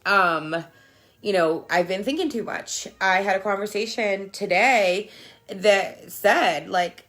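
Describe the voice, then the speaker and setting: A woman's voice: medium pitch, unhurried, fairly bright tone. A woman hosting a casual spiritual livestream, talking candidly with plenty of swearing, laughing often and answering viewers' comments. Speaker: livestream host.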